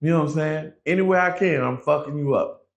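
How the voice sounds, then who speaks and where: A man with a gravelly, creaky edge to his voice tells a prison story in a relaxed interview. He swears freely and slips into the voices of the people in the story as he quotes them. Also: on the high side, fast talker, dull audio. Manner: profane, acts out quoted voices. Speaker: guest recounting prison story.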